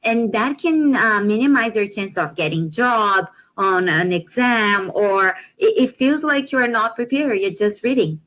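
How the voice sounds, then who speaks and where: Measured woman co-presenter on a call. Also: mid-range voice, expressive, fairly bright tone, poor audio. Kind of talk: online workshop talk.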